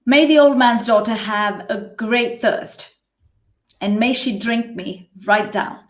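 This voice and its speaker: A woman's voice: on the high side, slow. A woman voicing a cunning male trickster raven spirit in a spoken tale, recorded with roomy echo. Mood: sly.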